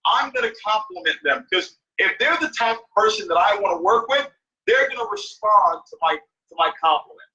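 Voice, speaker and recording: A man's voice: high-pitched, very animated, normal speed, pushed and bright. A man coaching on a mentorship call, emphatic and repetitive, often checking in with "right?". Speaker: network marketing mentor. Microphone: phone or conference call. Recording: dull, echoey, far from mic.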